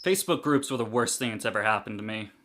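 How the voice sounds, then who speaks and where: A young man ranting in a comedic vlog, profane, exasperated and sarcastic, swinging between loud outbursts and tired mutters. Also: lowish voice, lively intonation, quick pace. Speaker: reptile YouTuber.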